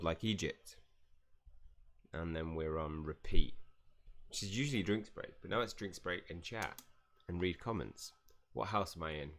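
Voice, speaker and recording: A gaming streamer, a man with a low, somewhat bright voice at normal speed, gives live commentary as he plays. Casual chatter, game dialogue read aloud and frequent laughter fill his stream.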